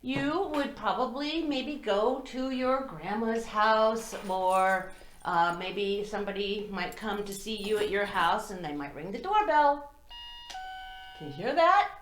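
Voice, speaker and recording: Animated sing-song woman teaching preschoolers. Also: mid-range voice, a little hiss or hum. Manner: slow, animated and sing-song, speaking to small children. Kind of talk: children's circle-time lesson with songs. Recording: roomy echo.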